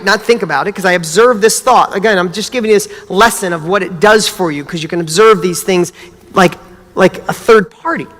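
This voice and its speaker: A middle-aged man giving a motivational talk, telling a family story with lively acted-out dialogue. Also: sits high, long reverb tail. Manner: animated storytelling, acts out dialogue. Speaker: speaker.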